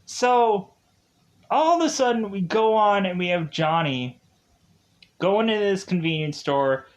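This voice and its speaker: A man's voice: high voice, animated, a little slow. A man giving a casual, rambling film recap with frequent filler words, often laughing as he talks. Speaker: film reviewer.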